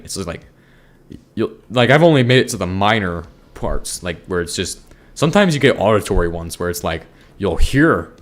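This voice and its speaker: A young man chatting casually over his gameplay, rambling loosely. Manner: rambling, bursts into high-pitched angry yelling. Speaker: gaming streamer.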